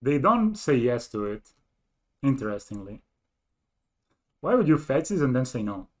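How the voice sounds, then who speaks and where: A man calls his own card game out loud, counting damage under his breath and talking through each choice. His voice is mid-pitched and swings up and down a lot. He sounds like a streamer at a desk mic. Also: moderate pace. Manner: thinks aloud, counting and muttering, bursts into excited laughing disbelief. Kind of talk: live gameplay commentary.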